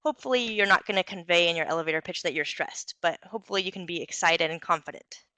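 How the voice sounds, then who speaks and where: A young woman gives an instructional talk, clear and encouraging, with the occasional "um". Her voice is bright and crisp, recorded dry and close. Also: fairly low pitch, quick pace, no room sound. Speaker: presenter giving a talk on communication skills.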